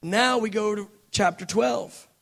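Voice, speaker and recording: A man preaching a sermon with passion, moving between hushed, near-whispered lines and loud shouting. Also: high voice, a little slow, creaky.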